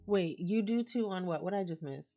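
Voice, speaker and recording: A woman's voice: on the low side, normal speed, warm tone, faint music behind. A woman streaming live, chatting casually and reading out and answering messages from her chat. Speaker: livestreamer.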